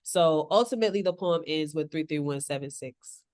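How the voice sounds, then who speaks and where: Lowish-voiced woman poet from South Florida. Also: a little fast, a little mellow. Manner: laughs often, reads with rhythmic spoken-word cadence. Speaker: poet guest. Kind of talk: interview chat and poetry reading.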